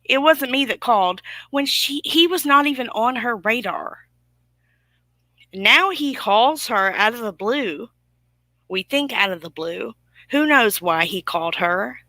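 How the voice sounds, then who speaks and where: A woman's voice: on the high side, lively intonation, a little slow, sharp tone, no room sound. A woman hosting a livestream, ranting with indignant, sarcastic emphasis to her viewers. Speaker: YouTube livestream host. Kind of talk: casual livestream commentary.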